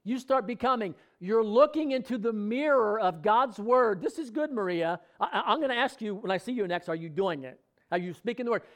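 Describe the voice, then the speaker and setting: A man's voice: high-pitched, lively intonation, brisk, a bit bright. A middle-aged man preaching a sermon in a conversational way, asking the congregation questions and speaking out example prayers. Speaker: pastor.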